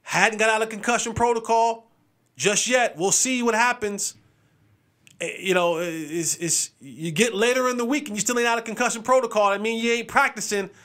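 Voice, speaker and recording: A man hosting a sports show, giving game picks in a casual, animated and playful way, repeating phrases for emphasis. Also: high voice, normal speed.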